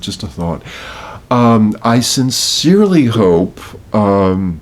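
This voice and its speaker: Man, sixties, from Miami, very low pitch, slow pace, dramatic poetry reading, hesitant reflective talk. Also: big pitch swings. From Miami, Florida. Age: 60s. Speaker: podcast host.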